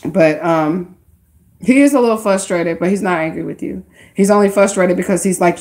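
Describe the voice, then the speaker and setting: A woman's voice: lowish voice, moderate pace, a little mellow. A woman giving casual tarot readings on a live stream, speaking straight to her viewers in a chatty, slangy way. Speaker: livestream tarot card reader.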